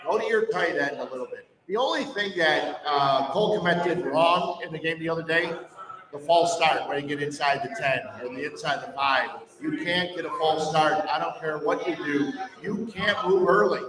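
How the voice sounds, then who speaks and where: A man's voice: fairly high pitch, normal speed. A man hosting a live sports talk podcast, giving blunt, emphatic opinions at a brewery party. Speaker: sports radio host. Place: brewery release party, indoors. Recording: echoey hall, mic far off, crowd chatter.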